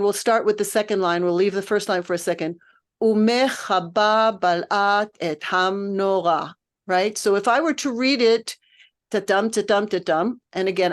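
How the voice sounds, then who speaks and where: Woman, music director, informal lecture, thoughtful, patient, word-searching, medium pitch. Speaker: music director leading a text study.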